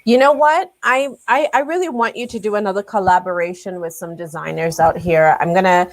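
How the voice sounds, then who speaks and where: A woman hosts her podcast from a video call, gushing and warm in her praise. Her sentences tumble out with frequent restarts and bursts of enthusiasm. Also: mid-range voice, fairly quick. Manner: effusive, gushing, restarts a lot. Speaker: podcast host. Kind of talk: casual chat.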